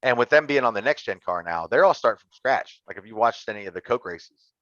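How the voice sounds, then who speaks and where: A man's voice: lowish voice, lively intonation, fast, fairly bright tone. A man, a podcast guest chatting casually, blunt and joking with folksy grammar. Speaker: podcast guest, sim racer. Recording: dry, dull lo-fi sound.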